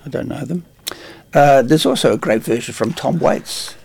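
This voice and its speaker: A man's voice: mid-range voice, animated, normal speed, gravelly, darkish tone, slightly rough. A man co-hosting a radio show, chatting casually and reading news items, hesitant and stumbling over foreign names. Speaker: radio co-host.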